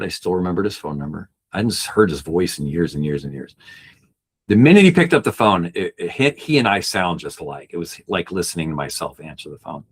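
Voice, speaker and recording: A middle-aged man, a podcast guest, telling a personal story earnestly and acting out the people he quotes. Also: breathy edge. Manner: earnest, acts out quoted people with raised pitch.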